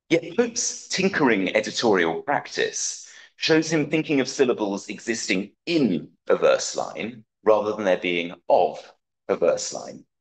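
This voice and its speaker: A man giving a conference talk, reading an academic paper aloud in a measured, precise way with dry wit. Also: on the low side, poor audio. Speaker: conference speaker.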